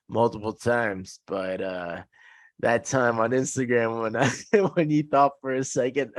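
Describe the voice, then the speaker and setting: Man, mid pitch, podcast guest, laid-back, laughs a lot, dry close mic. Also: dry recording. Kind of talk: casual chat.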